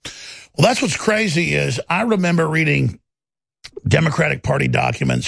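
Gravel-voiced man ranting fast. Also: on the high side, expressive, no room sound. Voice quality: gravelly, raspy. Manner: rapid, insistent ranting with sharp rises. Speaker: talk show host. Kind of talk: heated political talk.

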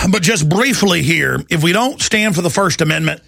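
Gravelly, shouting talk radio man. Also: high-pitched, animated, moderate pace, no echo, studio quality. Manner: ranting, shouting, repetitive, urgent. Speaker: radio talk show host. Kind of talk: impassioned talk radio monologue.

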